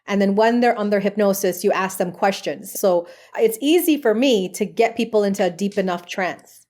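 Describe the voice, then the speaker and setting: A woman speaks as a podcast guest, earnest and chatty, telling stories about her spiritual work. Her voice sits at an ordinary middle pitch, and her talk is loose, with casual fillers. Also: moderate pace, darkish tone. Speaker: guest, spiritual medium and past life regression therapist. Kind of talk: podcast interview.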